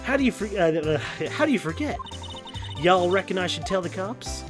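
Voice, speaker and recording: A man doing a brash, folksy Southern woman with a put-on drawl, her voice pushed a little higher than his own and swinging lively up and down. She talks loud and sassy, with game music playing behind the reading. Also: normal speed. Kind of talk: reading game dialogue aloud.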